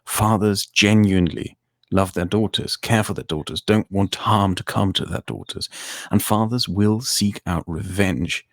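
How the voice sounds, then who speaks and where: A man with a very low, gravelly voice makes his points earnestly, going back over them again and again. The sound is dry and close. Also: measured pace, no echo. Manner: earnest, repetitive, insistent. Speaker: stream panelist. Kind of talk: casual commentary chat.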